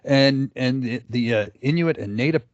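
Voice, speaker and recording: A man's voice: mid-range voice, moderate pace, no echo. A middle-aged man giving a conversational storytelling presentation, with frequent filler words. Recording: dull, lo-fi dry recording.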